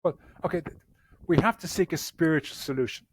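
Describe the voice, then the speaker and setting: Earnest man, halting restarts. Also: fairly high pitch, husky. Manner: earnest, repeats words when starting sentences. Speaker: therapist, podcast guest. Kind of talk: conversational interview answers.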